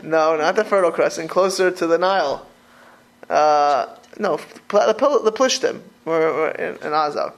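A man leads a relaxed Torah lesson at a moderate pace, his voice high and gravelly with a rasp of fry underneath. Animated, he keeps restarting his sentences and slips Hebrew phrases into his English.

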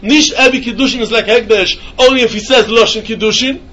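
A man teaching a Talmud lesson in a yeshiva style, with an animated singsong delivery. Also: extremely high pitch, brisk, dull audio. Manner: animated singsong, mixing Yiddish and Hebrew terms.

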